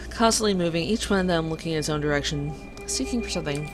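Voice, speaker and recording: A woman's voice: low-pitched, fast, music in the background. Woman casually reading a text game aloud. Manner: casual, wry asides between narration.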